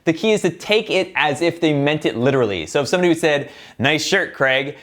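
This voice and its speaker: A young man hosting a self-help video, talking casually to the camera and explaining with relaxed fillers and self-deprecating asides. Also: fairly high pitch, fast talker.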